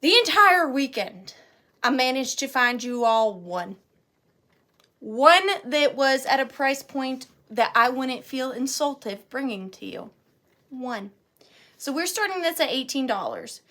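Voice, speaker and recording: A woman's voice: sits high, animated, takes it slowly, sharp tone. A woman running a live vintage auction, chatting playfully and counting down bids. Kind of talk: casual live sale chat.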